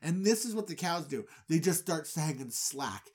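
An animated podcast host tells an old story as broad comedy. The voice swings high and low and drops jokey asides. Mid-pitched and playful. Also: normal speed, breathy edge. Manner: animated, goofy, full of asides. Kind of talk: comic retelling of a Bible story.

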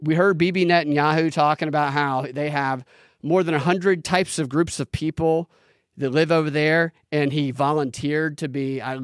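A man talks close to the mic in a dry, deadened space, his voice sitting a touch higher than most men's. He hosts a live political podcast and rants in a heated, profane, rambling way, with restarts and bursts of laughter. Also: dry recording. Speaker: podcast host. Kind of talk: live-streamed political commentary rant.

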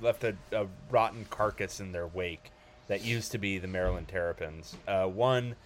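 A man's voice: sits low, normal speed, slight background noise. A man hosting a casual sports podcast, talking loosely with lots of ums and restarts. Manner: hesitant, many ums and restarts.

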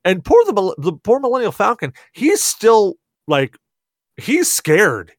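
A man hosting a podcast, tipsy from rum, telling a story in an animated, laughing way and swearing a lot. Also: high-pitched, unhurried, no room sound, clean studio sound. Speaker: podcast host. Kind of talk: casual storytelling chat.

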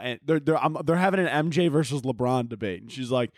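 A man's voice: mid-range voice, fast, few pauses, no room sound, clean studio sound. A young man hosting a podcast, rambling through casual, profane, jokey chat and laughing often. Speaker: podcast host.

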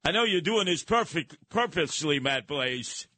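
A brash talk radio host, a man whose voice sits a little high. He rants in a sarcastic, combative way. The sound is close and dry, with no room around it. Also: animated, moderate pace, bright, forceful tone, no room sound. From New York City.

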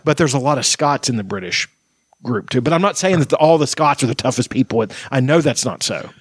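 Husky-voiced man rambling on a podcast. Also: mid-range voice, animated, fairly quick, no room sound. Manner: rambling, swears freely. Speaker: podcast host. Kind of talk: casual podcast chat.

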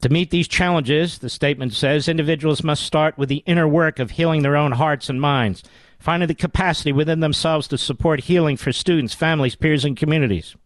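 Sarcastic ranting radio guy, kinda high voice, dry close studio mic. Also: a little fast, no room sound. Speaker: talk radio host. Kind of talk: political talk radio commentary.

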